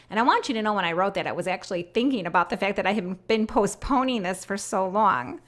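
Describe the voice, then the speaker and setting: A woman in her fifties giving a personal spiritual talk, earnest, slowing down and softening when she reads her written messages. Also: medium pitch. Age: 50s. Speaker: host sharing messages from prayer.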